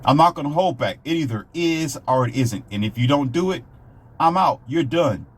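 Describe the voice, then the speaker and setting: A man with a husky, slightly breathy voice delivers a blunt, emphatic rant, repeating himself for force. His pitch sits in an ordinary middle range. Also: animated, moderate pace. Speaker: self-published author giving dating advice. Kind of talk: ranting monologue.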